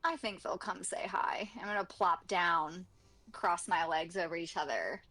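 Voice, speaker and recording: A woman playing a tabletop game, describing her character's actions in an animated way. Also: on the low side, a little slow, low-quality recording. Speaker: player.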